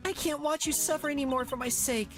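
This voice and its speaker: A man puts on a frightened teenage girl in a courtroom game, pitching up very high and pleading shakily. Game music plays underneath. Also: fairly even intonation, fast, lightly acted. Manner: pleading, shaky.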